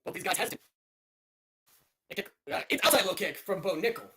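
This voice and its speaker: Loud outbursts break up this young man's jokey, excitable call of a live fight stream. He has a high voice and a brisk delivery.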